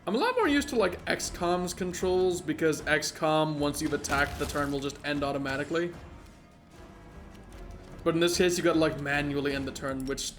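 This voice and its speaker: A high-voiced man streams a game, giving excitable and joking commentary full of laughs. Faint game music plays behind him. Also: moderate pace. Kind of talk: casual gameplay commentary.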